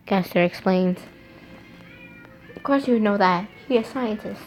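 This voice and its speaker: A woman's voice: medium pitch, normal speed, pauses often, darkish tone, low-quality recording. A woman reading fan fiction aloud, breaking off to laugh and comment on it.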